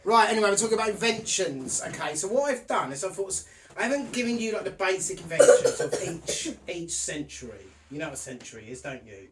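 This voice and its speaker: Middle-aged man, exasperated podcast host, sighs and swears, hot and sweaty, swooping pitch, a little off-mic. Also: big pitch swings, fast, distant mic. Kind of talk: casual podcast chat. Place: hot room indoors. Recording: voice a bit off-mic with faint noise.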